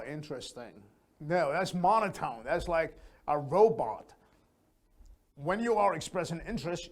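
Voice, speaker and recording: A man teaching an English conversation lesson, speaking deliberately and modelling lively intonation. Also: on the high side. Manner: slow, deliberate delivery that models expressive intonation.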